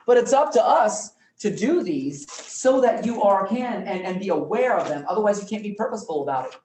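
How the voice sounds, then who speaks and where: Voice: medium pitch, lively intonation, fairly quick, a little mellow. Presenter, informal training talk, coins words, distant mic, faint background noise. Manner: chatty, coins words, corrects himself or herself mid-sentence. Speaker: workshop presenter. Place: office meeting room with a small group. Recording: echoey room, mic far off, faint noise.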